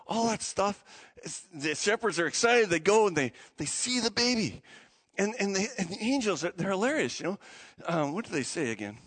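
Male pastor, sermon, animated, excitable, restarts sentences, very high voice. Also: normal speed, rough recording.

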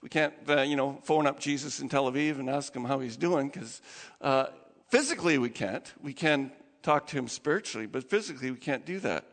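A man preaching a sermon as pastor, telling stories in an animated way with laughs and acted-out quotes, in a church. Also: medium pitch, brisk, in a large hall.

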